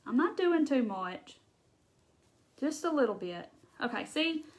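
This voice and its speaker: A woman's voice: high voice, sing-song, a little slow. Chatty Southern woman crafting live. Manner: chatty, folksy, laughs often, thinks aloud. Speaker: craft livestream host. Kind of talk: casual chat while crafting.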